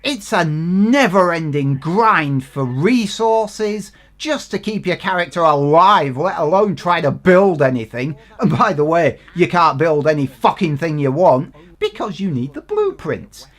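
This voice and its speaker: A man's voice: fairly high pitch, big pitch swings, a little slow, a bit bright. A man giving an exasperated, sweary, sarcastic rant in a game review.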